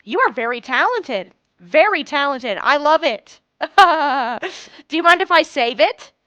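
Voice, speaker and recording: A woman's voice: sits high, lively intonation, slow, bright, forceful tone, no room sound, highs cut off. A woman streamer chatting casually with her viewers, giggling often and getting flustered and apologetic. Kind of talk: casual live-stream chat.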